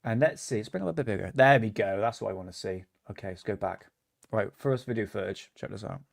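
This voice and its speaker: A man's voice: fairly low pitch, fast talker, creaky, no echo, studio quality. A man hosting a casual livestream, talking bluntly and ranting, swearing freely. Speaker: livestream host.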